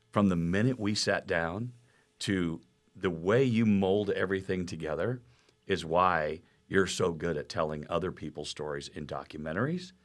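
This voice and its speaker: A man from Southern California hosting an interview, joking and mimicking voices. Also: deep voice. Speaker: host. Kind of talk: casual interview chat.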